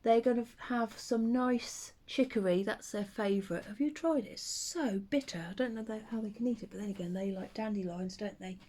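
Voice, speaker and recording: A woman's voice: medium pitch, fairly quick, hardly any pauses. Chatty woman vlogging at home. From United Kingdom. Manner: chatty and rambling, with hesitant ums and soft under-breath asides. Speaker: vlogger and full-time teddy bear maker. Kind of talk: casual chat to camera.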